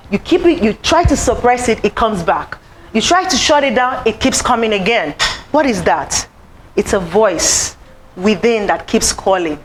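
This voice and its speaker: Woman, motivational speaker, lively storytelling talk at an event, faint hiss behind. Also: rough recording. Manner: animated, acts out quoted voices, rising to high exclaims. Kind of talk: inspirational talk to a live audience. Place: event room.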